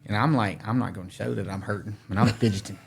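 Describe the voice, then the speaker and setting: Middle-aged man, podcast guest, animated storyteller, lowish voice. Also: fast talker, creaky, slight background noise. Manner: animated storyteller who acts out his own quotes. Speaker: podcast guest, former firefighter. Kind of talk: storytelling in casual conversation.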